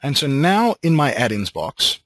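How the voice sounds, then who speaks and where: An Australian man leading a software training webinar, explaining steps with relaxed joking asides. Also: medium pitch, measured pace, dry recording, poor audio.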